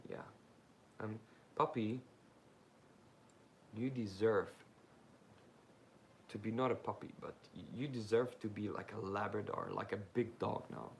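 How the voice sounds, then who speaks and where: A young man hosts a casual live Q&A, rambling through viewer questions with plenty of fillers. His voice sits a bit low with a gravelly edge, and a faint hiss hangs under it. He keeps asking his audience directly how things sound. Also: measured pace, long pauses. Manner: rambling and informal, with frequent fillers; talks straight to viewers, asking them questions. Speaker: YouTuber hosting a live Q&A. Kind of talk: casual livestream chat, answering viewer comments.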